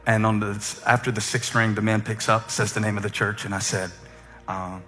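A man preaching a sermon as a humorous, conversational story, with fillers and quick asides. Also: lowish voice, level tone, bright, forceful tone. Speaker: pastor. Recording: echoey hall with faint music.

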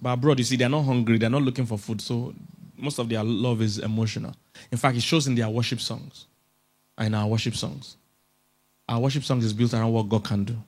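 A man gives a lively, joking talk as a relationship expert. He pleads with his listeners and laughs between points, in an ordinary mid-range male voice. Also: mid-range voice, brisk. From Africa. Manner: jokey, coaxing the audience, chuckles often. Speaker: relationship expert speaking at a conference. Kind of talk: humorous motivational talk to an audience.

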